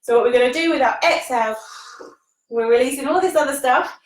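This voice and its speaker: Speaking a little fast in a high-pitched voice, this yoga teacher runs a live-streamed class, calling out poses and breathing cues while working out herself and slightly breathless. Her style is upbeat and informal, full of laughter and casual British turns of phrase. Her voice sounds distant from the mic in an echoey space.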